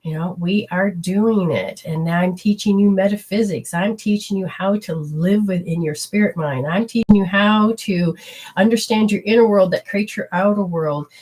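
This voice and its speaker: Animated husky woman teaching spirituality. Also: medium pitch, moderate pace. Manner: animated, chatty, acts out quotes, swears casually. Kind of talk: live-streamed teaching talk to viewers.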